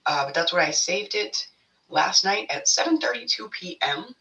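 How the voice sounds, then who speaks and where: A woman's voice: lowish voice, animated, moderate pace, sharp tone, recorded from a distance, rough recording. Blunt rambling woman giving a spiritual reading. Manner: rambling, blunt, swears freely. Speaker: tarot reader. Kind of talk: casual spiritual reading monologue.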